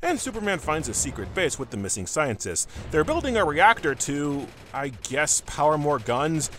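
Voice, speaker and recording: A man's voice: a little high, sing-song, moderate pace, fairly bright tone, slight background noise. A man narrating a video game review, sarcastic and profane, breaking into exasperated outbursts.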